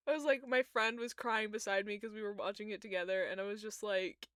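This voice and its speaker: A woman's voice: mid-range voice, a little fast, hardly any pauses, fairly bright tone, no room sound, clean studio sound. A young woman chatting casually while she draws fan art, emotional and gushing, groaning and squealing. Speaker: streamer drawing fan art. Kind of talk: casual chat while drawing.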